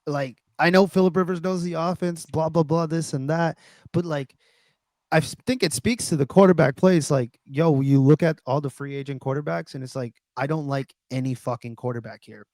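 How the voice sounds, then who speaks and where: A man's voice: fairly high pitch, brisk, a little mellow, no room sound. A man co-hosting a sports podcast, ranting in casual chat, swearing and stumbling over restarts. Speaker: podcast co-host.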